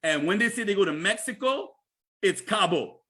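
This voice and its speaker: A man giving an energetic, chatty sales presentation on a livestream, repeating himself and asking listeners questions. He speaks with a Canadian accent. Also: high-pitched, moderate pace.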